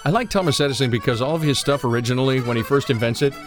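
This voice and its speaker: A man's voice: mid-range voice, rapid-fire, music in the background. A man hosting a casual radio show, joking around and putting on silly voices while reading the day's history. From United States. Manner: jokey, playful, puts on silly voices. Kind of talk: casual morning radio chat.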